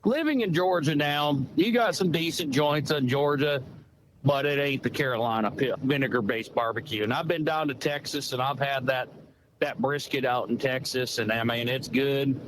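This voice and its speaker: A man hosting a casual podcast, folksy and animated, swearing casually as he tells stories. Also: medium pitch, normal speed. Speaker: podcast host. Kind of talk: casual chat. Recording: noticeable background noise.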